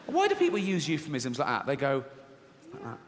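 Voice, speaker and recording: Here the voice is on the high side, pitch swooping wildly, pace brisk, with a noisy background. He's a middle-aged Englishman doing brash, sweary stand-up on a large theatre stage, acting out short exchanges in voices for the audience. Long reverb and a faint crowd mark the live theatre recording.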